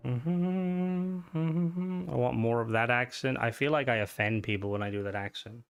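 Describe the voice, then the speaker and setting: A man's voice: fairly low pitch, fairly even intonation, fast, gravelly, a bit bright, clean tone. Rambling, swearing male game streamer. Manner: rambling, profane, chatting with viewers. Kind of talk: casual live-stream chat.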